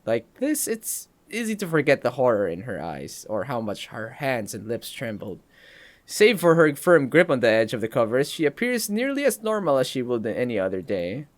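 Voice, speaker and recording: A man reading a story game aloud with a lively, swooping delivery, stepping out now and then to crack jokes. His pitch sits mid-range but moves around a lot as he narrates. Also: moderate pace. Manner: animated reading, breaks off for joking comments. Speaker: let's play host.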